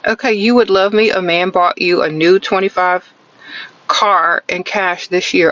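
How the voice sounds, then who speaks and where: Her voice sits on the low side and stays steady, moving a little slowly with a fairly bright tone. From her car on a live stream, she dishes out blunt, sarcastic dating advice, tacking on a teasing "okay?" and her catchphrase "sprinkle, sprinkle." The recording comes from a phone held close, with the highs cut off.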